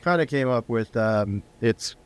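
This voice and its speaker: A man's voice: medium pitch, animated, unhurried, smooth. A middle-aged man, a company founder, casually telling a long rambling personal story in an interview, now and then swearing.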